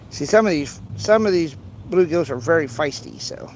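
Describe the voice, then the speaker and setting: A man's voice: fairly high pitch, slight background noise. A man casually chatting to his livestream viewers while fishing outdoors, rambling with many restarts and playful teasing. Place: outdoors by a pond.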